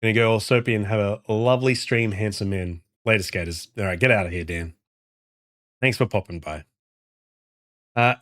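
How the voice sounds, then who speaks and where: A man in a casual live-stream chat, rambling through his thoughts, swearing freely and reading out chat. His voice sits a little low, recorded close on a desk mic at home with a dry, dead sound. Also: no echo. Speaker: game streamer and indie developer.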